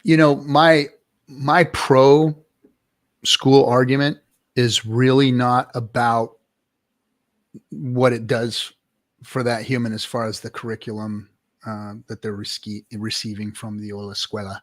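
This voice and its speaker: A man's voice: mid-range voice, flat delivery, a little slow, pauses often. A man in a casual livestream debate, explaining his view emphatically and step by step.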